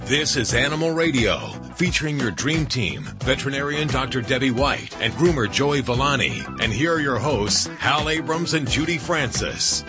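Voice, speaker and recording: A man's voice: mid-range voice, animated, normal speed, few pauses. A man reading a scripted radio show introduction. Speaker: show announcer. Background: music bed.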